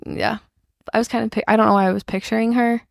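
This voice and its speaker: A woman's voice: a little high, flat delivery, fast, creaky, no room sound. Young female podcast co-host, rambling casual chat, dry studio sound. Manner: chatty, rambling with fillers. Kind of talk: casual book club chat.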